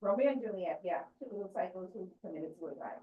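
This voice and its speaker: A woman's voice: medium pitch, lively intonation, quick pace, slight background noise. A woman giving a teaching lecture on scripture, checking in with her listeners with questions as she goes. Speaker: church lecturer. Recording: distant echoey dull room recording.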